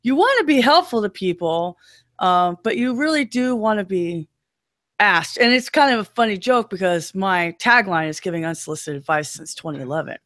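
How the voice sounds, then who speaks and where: A woman with a low voice, co-hosting a casual web talk show and breaking into playful impressions as she talks. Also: expressive, moderate pace, a bit bright, dry recording, studio quality. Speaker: podcast co-host. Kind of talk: casual chat.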